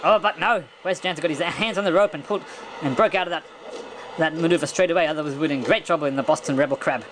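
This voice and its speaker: Excitable amateur wrestling commentator, noisy room. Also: male voice, very fast. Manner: excitable, chuckling, stumbling restarts, pitch jumping high at big moves. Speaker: play-by-play commentator.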